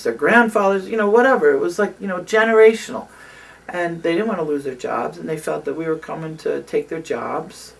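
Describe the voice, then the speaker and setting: An older woman, around sixty, recalls events in an oral history interview. She tells her stories in an animated way, full of fillers, in a lowish voice. The mic sits a bit away from her. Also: creaky, far from the mic, slight background noise. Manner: animated storytelling with many fillers.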